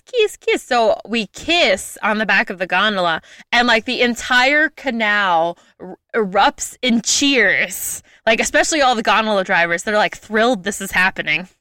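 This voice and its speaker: A young woman telling a travel story in a casual chat, lively and full of "like" fillers. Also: medium pitch, clear, resonant tone, no echo, studio quality. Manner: lively, chatty, frequent "like" fillers.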